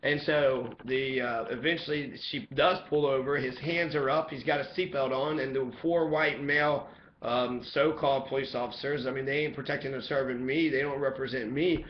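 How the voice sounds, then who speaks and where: A man's voice: medium pitch, fairly even intonation, normal speed, lo-fi sound, a little hiss or hum. A man giving an angry, profane monologue as a commentator, heated and ranting throughout.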